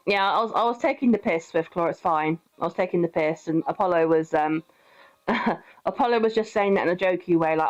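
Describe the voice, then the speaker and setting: A woman's voice: mid-range voice, muffled recording. A young British woman giving casual, sweary gameplay commentary, chatting, laughing often and cooing at her pet. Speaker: streamer.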